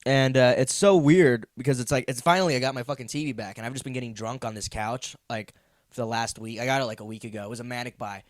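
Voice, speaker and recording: A man's voice: mid-range voice, fast talker, dry recording, studio quality. A young man hosting a comedy podcast, ranting in a meandering, profane, self-deprecating way. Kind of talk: rambling comedic monologue.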